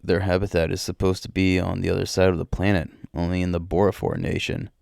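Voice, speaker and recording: Guy putting on a grumpy alien lady, dry and dismissive, low gravelly voice, storybook. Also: flat delivery, fast, a little mellow, dry recording. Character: grumpy sharp-tongued female alien.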